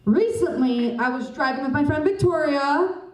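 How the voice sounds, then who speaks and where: A woman's voice: high voice, moderate pace, a little mellow. A young woman doing stand-up comedy on a club stage, rambling and self-mocking as she chats with the audience. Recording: roomy club sound from a distance.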